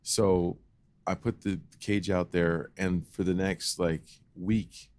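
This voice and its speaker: A man co-hosting a podcast, telling a childhood story in an animated, casual way and acting out the voices. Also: deep voice, slow, no echo. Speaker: podcast co-host.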